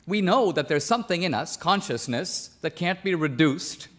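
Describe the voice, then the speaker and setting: A man's voice: on the high side, lively intonation, moderate pace, fairly bright tone. Man from India pressing his argument. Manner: pressing, methodical questioning. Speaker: debater. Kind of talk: public debate.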